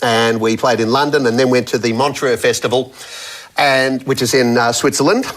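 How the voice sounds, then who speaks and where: A man's voice: mid-range voice, moderate pace. An Australian man, a musician and panel guest, telling comic anecdotes in casual chat and acting out greetings. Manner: lively storyteller who acts out shouted greetings.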